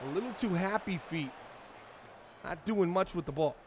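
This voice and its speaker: A man's voice: high-pitched, lively intonation, moderate pace, background noise. A man casually commentating his own football video game on a live stream, chatting play by play like a fan of his team. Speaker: streamer playing a football franchise mode. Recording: game music playing behind voice. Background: video game music and sounds.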